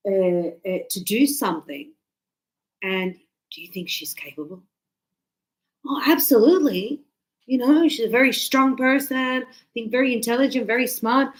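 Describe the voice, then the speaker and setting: A woman teaching a class, chatty and animated, acting out birds and her students as she explains. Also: a little high, low-quality recording. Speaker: English teacher.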